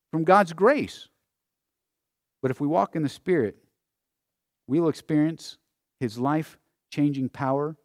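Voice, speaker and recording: A man preaching a sermon in a fairly high voice that swells into loud, emphatic calls. He reads Scripture in a steady preaching cadence. The sound is dry and close. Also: dry recording. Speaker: pastor.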